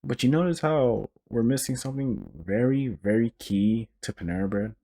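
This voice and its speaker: A young man hosting a casual solo podcast, ranting in an animated, profane and joking way, often restarting his sentences. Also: mid-range voice, moderate pace, gravelly. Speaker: podcast host.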